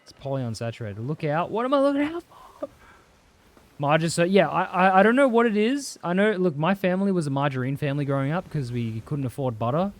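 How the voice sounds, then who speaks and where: Swearing young Australian streamer. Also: male voice, a little high, lively intonation, fairly quick. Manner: rambling, swears freely, answers chat. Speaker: livestreamer. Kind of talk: casual chat while gaming.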